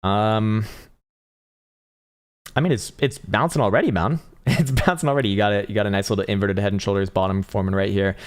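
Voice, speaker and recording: A man's voice: fairly low pitch, fairly quick, clear, resonant tone. A young man hosting a casual live trading stream, talking through charts and answering chat in a loose, swearing, often laughing way. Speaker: trading analyst livestream host.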